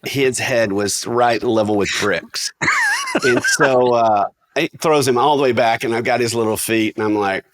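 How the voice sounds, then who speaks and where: A man's voice: medium pitch, a little slow, heavy background noise. A man hosting a podcast in casual chat, telling self-deprecating stories about fatherhood. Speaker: podcast host.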